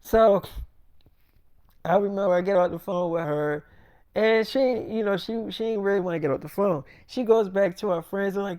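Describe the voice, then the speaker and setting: A man's voice: high voice, normal speed, darkish tone, clear, resonant tone, dry recording. A man telling a crude story in a loose, rambling way, quoting both sides of the talk. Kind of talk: casual freestyle storytelling.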